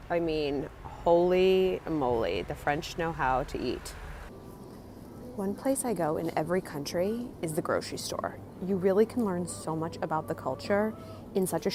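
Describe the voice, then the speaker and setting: A woman talking to camera in a casual travel vlog, chatty, excitable and jokey, recorded outdoors on a handheld camera. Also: fairly low pitch, a little hiss or hum. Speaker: travel vlogger. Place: outdoors on a café patio and in city streets.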